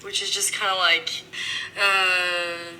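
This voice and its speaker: Bright chatty young woman. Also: fairly low pitch, fairly even intonation, a little fast, a little hiss or hum, poor audio. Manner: chatty, hesitant with fillers. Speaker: actress explaining pronunciation. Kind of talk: casual explanation.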